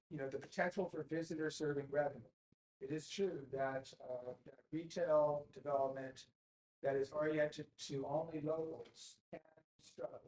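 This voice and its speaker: A man giving a presentation at a city council meeting, speaking in a measured way with frequent fillers and restarts. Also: mid-range voice, a little hiss or hum. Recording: echoey council chamber.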